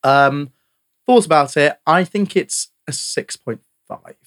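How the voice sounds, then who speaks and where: A man with a slightly high voice co-hosts a relaxed film podcast. He reacts with eager enthusiasm and reads quotes aloud. His talk is loose and conversational. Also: slow pace. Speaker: podcast co-host. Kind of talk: casual film review chat.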